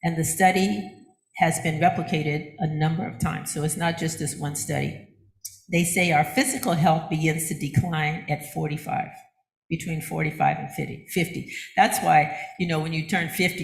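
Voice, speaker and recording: A woman's voice: low-pitched, normal speed, gravelly. An older woman minister preaching in a loose, conversational way, slipping into little acted-out voices of other people and laughing along with her congregation. Her voice rings out through a roomy church with noticeable echo. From United States. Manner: chatty and animated, acting out quotes with laughter. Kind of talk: conversational sermon. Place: church sanctuary.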